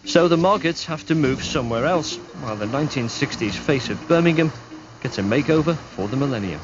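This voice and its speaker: A man reporting and narrating a television news special in a measured, scripted way. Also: mid-range voice, over music. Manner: measured, even reporting delivery. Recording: dull late-1990s TV broadcast audio.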